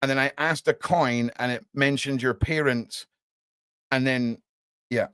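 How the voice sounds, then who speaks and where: An unhurried, smooth man's voice at medium pitch, recorded with no room sound. As host of a casual livestream podcast, he speaks animatedly to viewers, calls them "mate," and lets the odd swear word slip.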